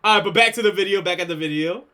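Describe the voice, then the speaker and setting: Bright high-voiced joking male streamer. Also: very fast. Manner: joking, laughs often, talks to chat. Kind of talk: casual livestream reaction chat.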